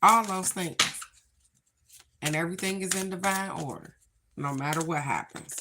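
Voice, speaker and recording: In her casual daily card-reading vlog, a woman with a fairly low voice draws her spiritual cards at a moderate pace, pausing often. She's chatty and spiritual, calling her viewers "y'all" and "baby," with background noise behind her.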